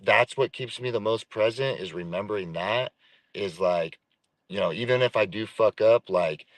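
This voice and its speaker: A man's voice: on the low side, normal speed, dry recording, poor audio. A man in his thirties, a podcast guest, speaking reflectively and casually with swearing and repeated phrases.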